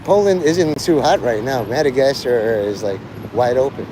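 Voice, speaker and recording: A man's voice: medium pitch, lively intonation, moderate pace, noisy background. A man chatting crudely and sardonically on a rambling live stream.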